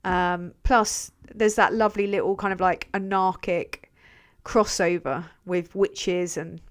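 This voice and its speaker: A woman's voice: fairly low pitch, steady tone, takes it slowly. A young English woman hosting a casual livestream, reading out chat messages, swearing freely and laughing often as she rambles. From England. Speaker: channel host reading live chat.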